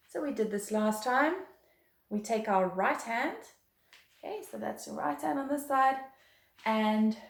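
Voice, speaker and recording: A woman teaching a beginner violin lesson, patient and encouraging, counting rhythms aloud. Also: a little high. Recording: roomy echo.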